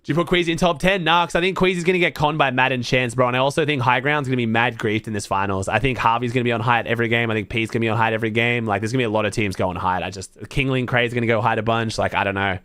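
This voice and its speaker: A man's voice: mid-range voice, fairly even intonation, very fast, few pauses, a bit bright, clear, resonant tone, no echo, studio quality. An Australian man streaming to his chat, thinking aloud in blunt, casual talk full of swearing. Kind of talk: casual livestream chat to viewers.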